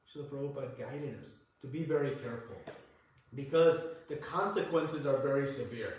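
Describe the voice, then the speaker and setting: A man giving a devotional sermon, stressing key words by repeating them and swinging between loud emphasis and hushed asides. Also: mid-range voice, slight background noise. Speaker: scripture lecturer. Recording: very echoey room, voice far from mic.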